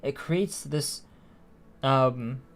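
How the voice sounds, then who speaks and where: A man's voice: medium pitch, extremely slow. A man streaming a video game, chatting casually and thinking aloud with frequent restarts and fillers. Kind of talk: casual live-stream chat while gaming.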